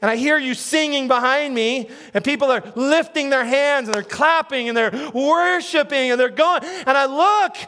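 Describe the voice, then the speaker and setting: Male pastor, sermon; very high voice, playful, talks straight to the congregation. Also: normal speed, few pauses, bright, forceful tone. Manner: playful, chatty, keeps checking in with the audience; repeats words and restarts often.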